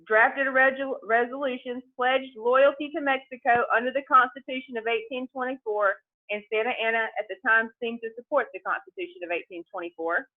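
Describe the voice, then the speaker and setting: A woman's voice: a little high, steady tone, fairly quick. A woman teacher giving a conversational history lecture, talking straight to her students and often repeating words. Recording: tinny phone-like sound.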